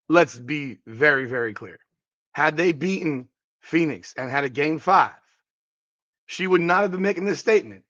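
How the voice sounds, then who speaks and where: A man's voice: mid-range voice, a bit bright, dry recording, lo-fi sound. A man hosting a podcast, giving emphatic sports commentary on a clip and repeating his points for weight. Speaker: podcast host.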